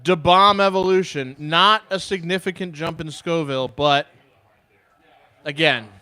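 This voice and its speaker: Bright-voiced jokey man. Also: a little high, a little slow, clean tone, dry recording. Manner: jokey, teasing hype-man. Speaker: podcast co-host. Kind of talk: casual banter.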